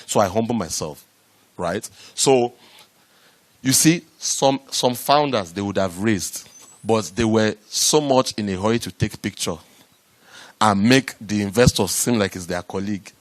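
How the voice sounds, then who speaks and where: A man giving a lively motivational talk to a live audience about raising startup money, repeating himself and rising to loud, emphatic bursts. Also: lowish voice, a little slow. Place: event room with an audience.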